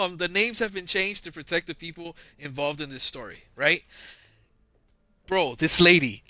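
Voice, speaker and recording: A man's voice: on the high side, normal speed, sharp tone, no echo. A man hosting his own channel, telling a story in a casual, slangy, rambling monologue on a close mic. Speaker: channel host. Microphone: close mic, audio-only recording.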